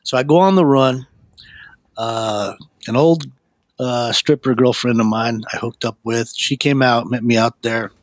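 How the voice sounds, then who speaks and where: A middle-aged man, a guest, telling his life story in a rambling, animated way, with many fillers and restarts. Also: measured pace, dry recording. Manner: animated, acts out quoted voices with a raised pitch. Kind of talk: personal storytelling.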